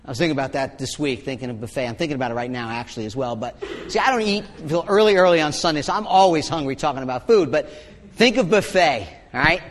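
Guy preaching in a big church, kinda high voice, talks casual and a bit sarcastic, lots of echo. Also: animated, fast. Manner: conversational preaching with sarcastic asides. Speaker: pastor. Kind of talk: sermon. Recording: long hall reverb.

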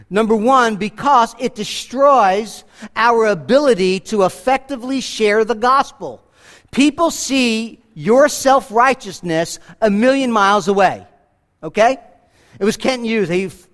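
A man's voice: high voice, a bit bright. A man preaching a sermon as pastor, earnest and conversational, with emphatic asides to the congregation. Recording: reverb from a large hall.

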